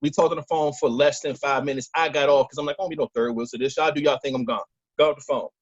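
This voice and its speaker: A man with a fairly high, husky voice tells a story in loose, casual talk. He acts out each phone call as he goes. The audio is dry and dull, like a lo-fi podcast. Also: fast talker, no echo. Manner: animated storyteller acting out phone calls. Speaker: podcast co-host.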